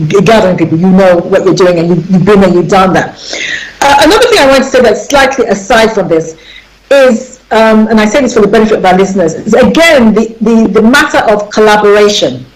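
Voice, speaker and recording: A woman's voice: mid-range voice, a little mellow, poor audio. A middle-aged woman hosting a radio talk show, speaking emphatically and turning to her listeners directly.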